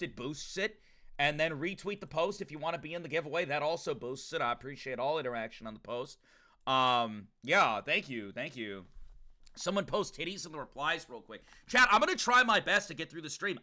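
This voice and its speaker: A man's voice: fairly high pitch, pushed and bright. A young man streaming, chatting casually and profanely with his viewers, joking loosely between rambles. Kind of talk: casual livestream chat to viewers.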